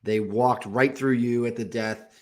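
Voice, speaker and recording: A man co-hosting a football podcast, talking casually and breaking down matches in a measured, agreeable way. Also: medium pitch, fairly even intonation, a little mellow. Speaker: podcast co-host.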